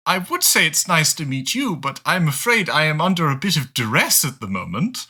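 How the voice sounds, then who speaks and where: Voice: mid-range voice, big pitch swings, normal speed, bright, forceful tone, slightly rough, exaggerated voice. Player doing a sarcastic grump. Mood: grumbling. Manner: dry, sarcastic complaining. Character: grumpy, sarcastic young man, disgruntled.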